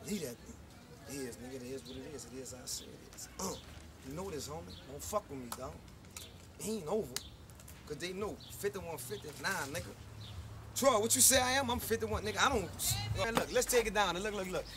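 A New Orleans man with a high, reedy voice fires off a cursing, boastful street rant straight to the camera. He sounds confrontational and unscripted, talking from outside on the block. Loud traffic and passing cars run right under his voice. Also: a little fast. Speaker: rapper. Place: outdoors on a neighborhood street.

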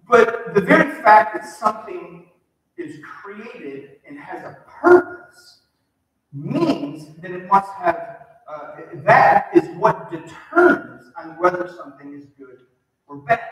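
A man's voice: sits high, big pitch swings, unhurried, pauses often, fairly bright tone. A man preaching a sermon in a conversational way, often asking the congregation questions. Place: church sanctuary. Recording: distant mic in an echoey hall.

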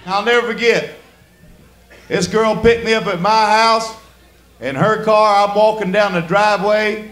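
A man's voice: high voice, fairly even intonation, a little slow, a bit bright, reverberant. Crude drawling stand-up man. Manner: crude, drawling storyteller acting out voices. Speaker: stand-up comedian. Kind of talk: stand-up comedy set. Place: comedy club stage before a laughing audience.

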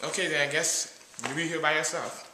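A man's voice: fairly high pitch, steady tone, a little fast, sharp tone, echoey room, a little hiss or hum. A man playing a cheap, nervous date who brags about himself and keeps calling himself "your boy", in a comedy skit.

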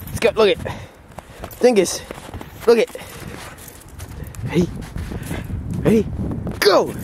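Male vlogger, outdoors, unhurried, lively high calls to his dog, noisy handheld recording. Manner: high sing-song calls to the dog, chuckling asides. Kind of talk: casual vlog, playing with his dog. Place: outdoors on a rural front lawn. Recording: outdoor recording with clear background noise.

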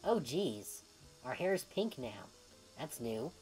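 Low-voiced playful woman game streamer. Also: big pitch swings, slow, darkish tone, soft background music. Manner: playful, joking, laughs often. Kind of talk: casual let's-play commentary.

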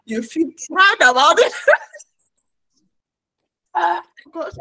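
A woman preacher delivering a lively sermon, mimicking her congregants and laughing often. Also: extremely high pitch, very slow, vocal fry, no room sound, rough recording.

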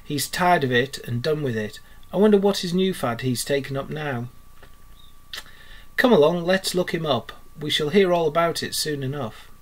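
A man's voice: on the high side, moderate pace, natural voice. A man playing a cheerful, hearty water rat. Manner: bright, hearty, lively. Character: cheerful good-natured male water rat. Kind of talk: storybook reading.

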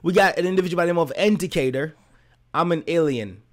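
A man's voice: a little high, fast talker. A young man co-hosting a reaction video, talking loosely and enthusiastically with lots of fillers. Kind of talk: casual reaction chat.

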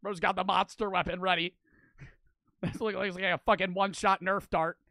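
A young man streaming his reactions to a video, joking loudly and swearing, breaking into laughs and shouts. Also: high voice, flat delivery, moderate pace, no room sound. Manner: loud, profane, joking, bursts into shouts and laughs. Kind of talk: casual reaction commentary.

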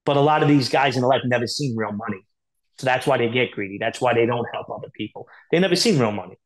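Man, podcast guest, rapid-fire talk, blunt and profane, filler-heavy storytelling. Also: medium pitch, lively intonation, rough recording. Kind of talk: candid storytelling interview.

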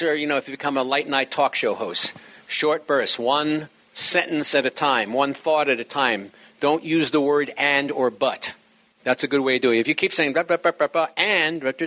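A middle-aged or older man giving a humorous instructional talk to radio hobbyists, joking and slowing down to stress his words. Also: mid-range voice, sharp tone. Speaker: speaker at an amateur radio talk.

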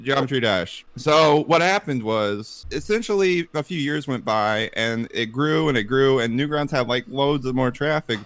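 A man's voice: a bit bright, no echo. Rambling man on a podcast. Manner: rambling, lots of fillers and restarts; puts on silly high cartoon voices. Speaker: podcast co-host telling a story. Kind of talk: casual group podcast chat.

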